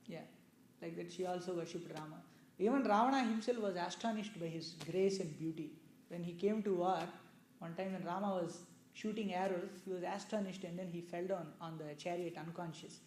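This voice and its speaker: A mellow, soft-edged male voice explains old scripture in an easygoing, unhurried way, leaning on casual asides. The sound rings a little off the walls of an indoor room, with a faint hum underneath. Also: sits high. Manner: loose, explanatory, with many "you know" asides. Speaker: religious storyteller. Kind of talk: conversational scripture discourse with questions. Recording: echoey room.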